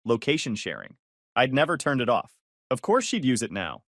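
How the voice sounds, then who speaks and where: A man narrating a first-person drama story with sardonic, deadpan asides. His pitch moves in a lively way, and the recording is dry and close with no room at all. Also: normal speed, dry recording.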